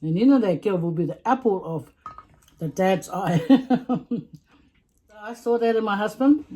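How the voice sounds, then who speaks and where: Woman, Samoan English accent, casual storytime vlog, chatty, warm mellow voice. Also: on the low side. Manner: chatty, laughs often, repeats words. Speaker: vlogger. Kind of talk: casual storytime chat while eating.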